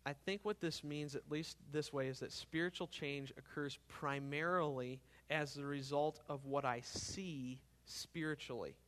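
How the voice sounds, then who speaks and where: A man preaching an expository sermon as pastor, earnest, swelling louder on key phrases and checking in with the congregation. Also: on the high side, steady tone, unhurried, few pauses.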